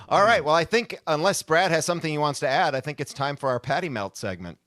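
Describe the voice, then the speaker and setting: A man's voice: on the high side, a bit bright, no room sound, studio quality. A man hosting a virtual comedy show, introducing acts and joking with guests in an upbeat way. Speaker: show host.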